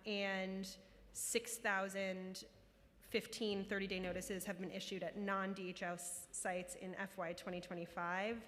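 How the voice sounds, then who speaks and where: A woman official delivers formal testimony at a council hearing in a measured voice of middle pitch. Her words ring out with a long reverb from the large chamber. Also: fairly bright tone. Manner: measured, reads prepared remarks then figures.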